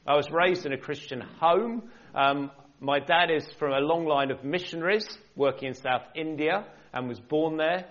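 A man's voice: a little high, normal speed, fairly bright tone, muffled recording. Man in his forties giving a church testimony. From England. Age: 40s. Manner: conversational, with light joking asides. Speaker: minister. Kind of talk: personal testimony in a church talk.

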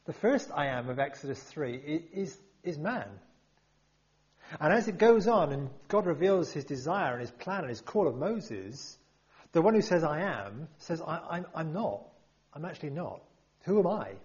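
A man's voice: a little high, a little mellow, highs cut off. A man preaching a sermon to a congregation, emphatic and full of rhetorical questions.

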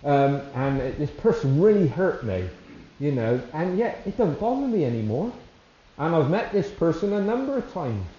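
A man giving an informal devotional talk, rambling and warm-hearted, often chuckling between thoughts. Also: fairly high pitch, sing-song, normal speed. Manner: rambling, warm-hearted, with frequent fillers and restarts; chuckles often while speaking. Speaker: lay preacher. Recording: dull, roomy sound.

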